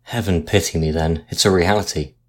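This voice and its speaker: A man's voice: low-pitched, steady tone, a little fast. A man voicing a terrified male sea passenger who moans and pleads in a storybook tale. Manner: moaning, pleading.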